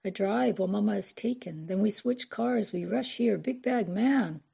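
A woman narrator voicing a gentle man who speaks in short, halting phrases of broken English. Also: medium pitch, creaky, husky, heavily acted. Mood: plain.

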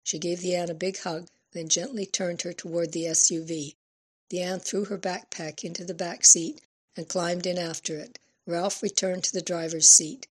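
Audiobook narrator, woman, steady and low. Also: normal speed, husky. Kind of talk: scripted narration.

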